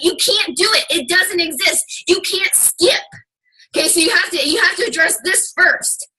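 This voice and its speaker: High bright fired-up woman. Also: slight background noise, rough recording. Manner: fired-up, emphatic, swears casually. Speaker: team leader. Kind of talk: motivational talk.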